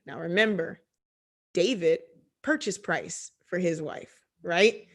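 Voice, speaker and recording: A woman teaching a conversational Bible study, reading scripture aloud and then explaining it with animated, chatty asides. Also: on the low side, slow.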